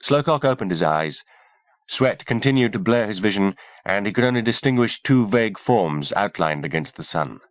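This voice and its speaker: A man narrating an audiobook in a measured, expressive reading. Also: lowish voice, dry recording.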